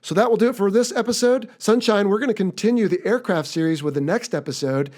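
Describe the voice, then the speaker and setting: A man with an American accent hosting a podcast in a relaxed, chatty, upbeat way. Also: high voice, quick pace. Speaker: podcast host. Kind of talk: casual podcast chat.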